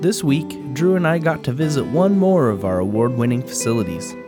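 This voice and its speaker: A man's voice: mid-range voice, expressive, brisk, music in the background. A man hosting a podcast, reading a scripted intro in an upbeat, promotional manner. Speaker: podcast host.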